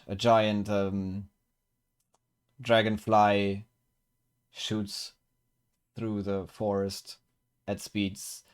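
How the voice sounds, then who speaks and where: A man runs a tabletop game, narrating scenes at a slow, deliberate pace. His voice is a little low and smooth, and he pauses often with fillers. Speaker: game master.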